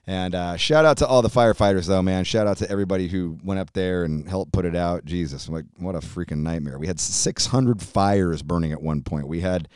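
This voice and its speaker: A man hosting a podcast, opening with a loud, hyped, swearing intro and then casual chat. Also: low-pitched, smooth, dry recording. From California. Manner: hyped, loud, profane, animated delivery. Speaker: podcast host. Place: home studio, streaming live.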